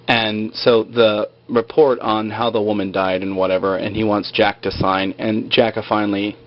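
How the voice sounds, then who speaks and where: A man's voice: lowish voice, little pitch movement, moderate pace, highs cut off. A man recapping a TV episode in a loose, casual way, full of fillers and joking asides. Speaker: video blogger recapping a TV episode.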